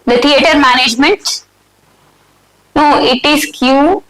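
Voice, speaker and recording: A woman's voice: sits high, slow, fairly bright tone, echoey room, poor audio. A woman with an Indian English accent, going over exam questions live, reading out the options and checking answers with her students. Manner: reads options aloud and checks answers with the class. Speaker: exam prep teacher.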